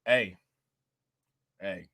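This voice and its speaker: A man hosting a relaxed reaction stream, talking in easygoing slang and circling back over his own phrases. His voice is bright and forceful. The sound is dry and close. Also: extremely slow, no echo. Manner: loose slangy talk, repeats phrases, reads chat shout-outs. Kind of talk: casual livestream chat.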